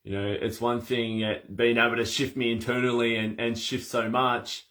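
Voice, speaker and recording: A man coaching breath work in a casual conversation, animated and laughing as he acts out little scenes. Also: medium pitch, normal speed.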